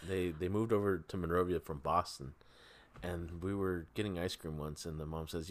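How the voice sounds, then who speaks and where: A woman's voice: very deep voice, normal speed, slight background noise. A woman co-hosting a podcast, rambling casually and laughing partway through her sentences. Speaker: podcast co-host. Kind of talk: casual chat.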